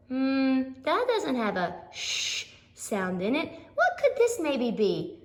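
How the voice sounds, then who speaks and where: Animated woman teaching phonics, echoey classroom. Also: a little high, slow. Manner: animated, playful and exaggerated, gasping and acting surprised. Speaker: kindergarten teacher. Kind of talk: phonics lesson to young children. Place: empty classroom.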